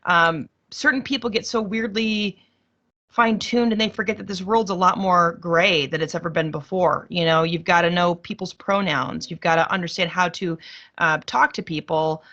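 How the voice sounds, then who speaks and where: A woman's voice: on the low side, a bit bright, lo-fi sound. A Texan woman talking frankly and jokingly on a video call in a casual panel chat, often repeating words. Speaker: conference speaker. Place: home office on a video call.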